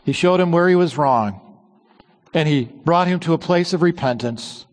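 Emphatic preacher in a long-echo church. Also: male voice. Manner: emphatic, slowing on key words and dropping to a low hush at phrase ends. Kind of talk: sermon.

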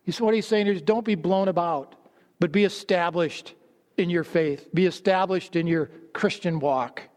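A man preaching a sermon, telling stories and dropping low and slow to stress his points. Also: darkish tone. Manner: storytelling, drops low and slow for emphasis. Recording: long hall reverb.

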